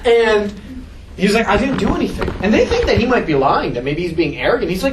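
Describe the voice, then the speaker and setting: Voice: mid-range voice, sing-song, fast, far from the mic, noisy background. A teacher giving a casual, joking classroom lecture and asking the class questions. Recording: echoey classroom taped from afar.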